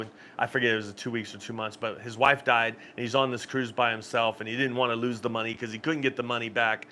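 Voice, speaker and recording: A man's voice: mid-range voice, steady tone, fast talker, few pauses, sharp tone, a little hiss or hum. A man hosting a cruise channel live stream, telling stories in a rambling, casual way with frequent laughs and restarts.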